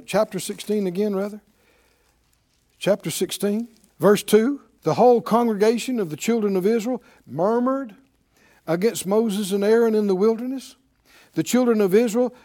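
A man's voice: high-pitched, moderate pace, mellow. A man preaching a sermon, firing rhetorical questions at his congregation. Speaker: pastor.

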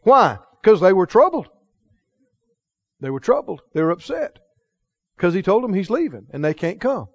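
A man preaching a sermon in church, emphatic, drawing call-and-response from the congregation and slowing down to stress key phrases. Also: high voice, very animated, highs cut off. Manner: slows for key phrases, acts out dialogue in quoted voices. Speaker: pastor.

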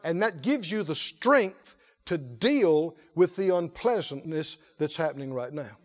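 A male pastor preaching a lively sermon, often laughing and calling out to the congregation. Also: on the high side, a little slow. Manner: animated, laughing, call-and-response preaching.

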